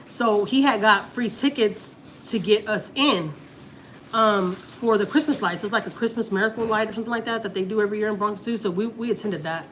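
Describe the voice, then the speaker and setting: A woman's voice: mid-range voice, brisk, fairly bright tone, a little hiss or hum. A woman from Texas, chatting casually on a family vlog live stream and telling a long story, repeating herself often. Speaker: family vlogger.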